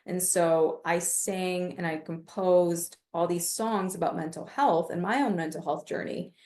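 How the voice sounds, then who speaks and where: Woman, podcast guest, comedian, animated storyteller, slightly low pitch, roomy echo. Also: measured pace. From United States. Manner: animated, acts out quoted voices in her stories. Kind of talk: casual interview storytelling.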